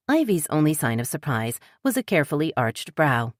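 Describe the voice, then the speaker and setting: Woman reading a cozy mystery audiobook, low voice, dry close sound. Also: a little fast, few pauses, dry recording. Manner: lively character reading. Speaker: audiobook narrator. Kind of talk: scripted narration.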